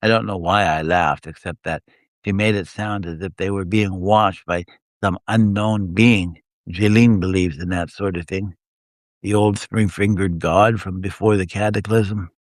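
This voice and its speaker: A man reading his own first-person adventure story aloud on a live stream, telling it in a steady way. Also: deep voice, unhurried, no echo, clean studio sound.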